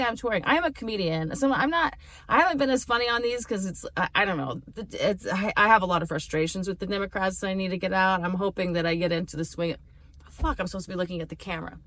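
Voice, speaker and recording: A woman's voice: lowish voice, fairly bright tone. A woman comedian talking casually to camera in a rambling, chatty way, laughing and swearing freely. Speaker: stand-up comedian.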